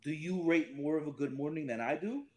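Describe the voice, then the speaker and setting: Mellow-voiced man, roomy echo. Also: a little high, brisk. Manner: profane, animated anecdotes. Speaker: podcast guest, Marine reservist. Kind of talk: casual storytelling chat.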